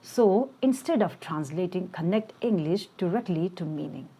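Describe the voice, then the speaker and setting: A woman reading a scripted English lesson, slowing down to model word pronunciations. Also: fairly low pitch, lively intonation, mellow, breathy edge. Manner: slow, deliberate pronunciation drills. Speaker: English teacher.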